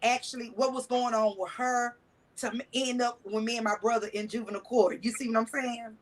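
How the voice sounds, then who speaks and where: A woman recounting her own past in blunt, everyday talk, cussing freely and restarting sentences. Her voice sits a little high for a woman. She speaks as a guest in a casual conversation. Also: fairly even intonation, a little fast, rough recording. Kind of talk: candid personal storytelling.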